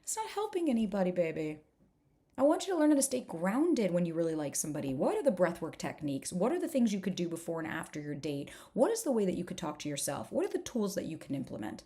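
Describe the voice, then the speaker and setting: In a live online workshop, a woman coach explains her dating program in a low-ish, warm, very animated voice at a quick clip. She's direct and unfiltered, swearing now and then, and keeps momentum with runs of rhetorical questions to her audience.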